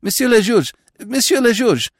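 A man's voice: extremely high pitch, big pitch swings, moderate pace, breathy edge, no room sound, studio quality, voice pushed up, exaggerated voice. A man voicing a flustered male court attendant who stammers in a raised, breathless voice in an audiobook reading.

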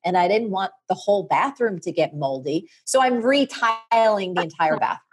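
A woman's voice: medium pitch, expressive, moderate pace, noisy background, close to an everyday voice. A woman voicing her tough, unflappable mother, in a breezy, matter-of-fact way. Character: tough, unfazed, handy mother.

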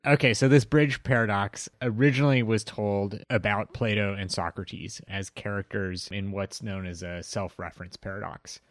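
A man hosting a philosophy podcast, explaining in a relaxed way with a lot of hesitant fillers. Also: lowish voice, normal speed, hardly any pauses, dry recording, studio quality. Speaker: podcast host. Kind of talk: casual explanatory chat.

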